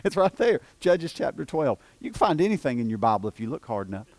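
A man preaching a sermon as pastor in a church, with an East Tennessee accent, swinging from hushed, low lines to loud, emphatic declarations. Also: big pitch swings, fast talker. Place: church sanctuary.

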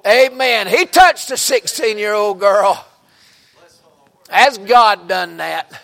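Fervent Southern preacher, high and bright. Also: male voice, slow pace, vocal fry. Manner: fervent, bursts into shouts and exclamations. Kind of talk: revival sermon. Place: church sanctuary.

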